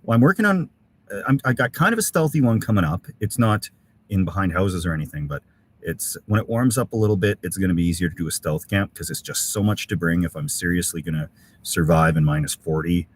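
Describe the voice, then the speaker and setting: A middle-aged man with a low, easygoing voice chats with viewers on a live stream, filling his sentences with uhs and ums as he reads their comments. He sounds relaxed and unhurried. A faint hiss sits under his voice. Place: outdoor winter camp in severe cold.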